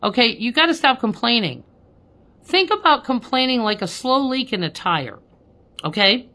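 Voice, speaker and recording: A woman's voice: a little high, big pitch swings, normal speed, pushed and bright. A woman working as a spiritual medium, chatting on a live stream with viewers, laughing often and ending lines with "okay?".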